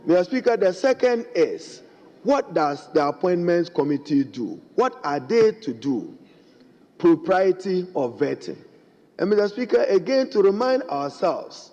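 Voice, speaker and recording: A middle-aged man with a Ghanaian accent holds the floor in a formal parliamentary debate, his voice fairly high yet mellow and warm. He argues emphatically, turning to the Speaker again and again. The speech rings with the long echo of a large chamber, heard through a dull, lo-fi broadcast feed. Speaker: member of parliament.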